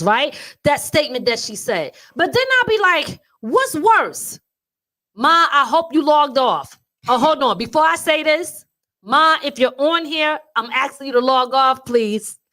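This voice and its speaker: Animated high-voiced woman podcast co-host. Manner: animated, playful, breaks into laughter. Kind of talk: casual chat to a live audience.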